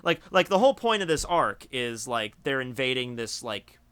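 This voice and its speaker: A man's voice: medium pitch, very animated, moderate pace, a bit bright, clean tone. A young man hosting a livestream, chatting casually and rambling with lots of filler words. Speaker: streamer host.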